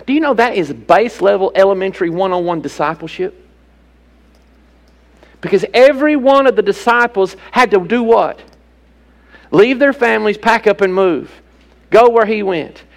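A man's voice: high-pitched, expressive, normal speed, creaky, low-quality recording. A man preaching a sermon, emphatic and direct, asking the congregation rhetorical questions. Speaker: pastor.

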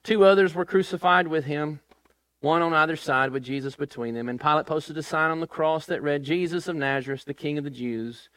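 A man preaching a sermon and reading scripture aloud in church, emphatic and rising to loud questions. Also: on the high side, fairly quick, no echo. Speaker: pastor.

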